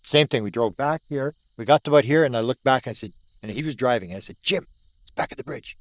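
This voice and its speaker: Outdoors at a sighting location, an older UFO researcher from Canada, a man in his sixties, tells his story at a quick pace in a medium-pitched voice. It's animated storytelling, with words repeated for emphasis and the things people said acted out.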